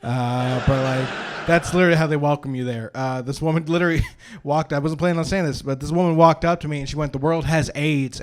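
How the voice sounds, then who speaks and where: Rambling young stand-up comic, fairly high voice. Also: male voice. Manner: rambling, self-deprecating storytelling with frequent "uh" and restarts. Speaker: stand-up comedian. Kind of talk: live stand-up comedy. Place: brewery comedy show, live crowd.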